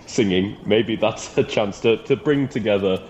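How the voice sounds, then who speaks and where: A man's voice: on the low side, moderate pace, darkish tone, muffled recording, a little hiss or hum. A young man co-hosting a podcast, giggly and rambling, laughing often in casual chat. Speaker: podcast co-host.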